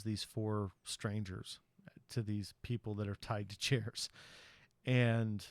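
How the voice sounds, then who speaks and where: In a lowish voice, a podcast host gives a loose, casual rundown of a film's plot, rambling and hedging with frequent ums and you-knows. The sound is dry and close, without any room echo.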